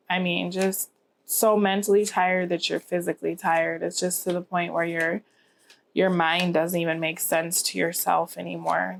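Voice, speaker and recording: A woman's voice: lowish voice, vocal fry, slight background noise. A tired, yawning woman giving a rambling tarot reading to camera, often asking "okay?". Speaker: tarot reader.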